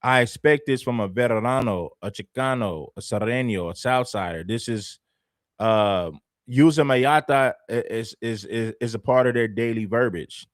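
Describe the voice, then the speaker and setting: A man's voice: mid-range voice, normal speed, dry recording. Man, livestream host, from Los Angeles, assertive and emphatic, dry close sound. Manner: assertive, emphatic, repeats phrases. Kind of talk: commentary livestream.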